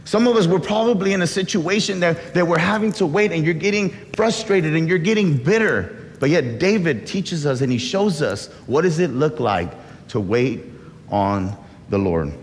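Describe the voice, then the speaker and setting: A man's voice: fairly high pitch, lively intonation, moderate pace, in a large hall. A man preaching a sermon as pastor, earnest and often repeating and restarting his words.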